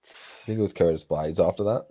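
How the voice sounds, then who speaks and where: A young man hosts a laid-back podcast chat in a low, mellow voice. He swears freely and talks in loose, rambling bursts. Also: fairly quick. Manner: swears a lot, animated retelling with put-on quotes. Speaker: podcast host. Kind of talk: casual chat.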